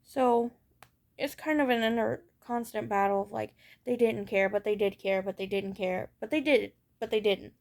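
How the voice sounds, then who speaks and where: A woman's voice: medium pitch, steady tone, normal speed, vocal fry, a little mellow. A young woman giving a candid personal monologue as a vlogger. She talks in a raw, blunt way, swears and circles back over her thoughts. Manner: ranting.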